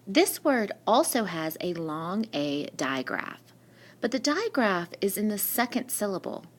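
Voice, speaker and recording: A woman's voice: mid-range voice, sing-song. A woman teacher giving a recorded spelling lesson, patiently asking questions and answering them herself. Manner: slow, patient, asks and answers her own questions. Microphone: screen-recording mic.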